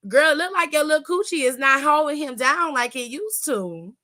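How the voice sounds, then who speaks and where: A woman's voice: high-pitched, animated, normal speed, sharp tone. A woman hosting a casual aftershow, telling stories in a loose, profane, gossipy way. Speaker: aftershow host. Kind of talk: casual chat recapping wrestling.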